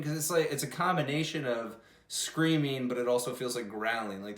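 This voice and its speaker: A man's voice: medium pitch, roomy sound. A young man hosting a music reaction, rambling and curious, swearing casually as he thinks aloud.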